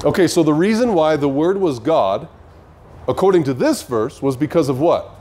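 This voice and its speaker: A man's voice: fairly high pitch, expressive, normal speed, mellow, a little hiss or hum. A man teaching the Bible in an earnest way, often asking his listeners questions.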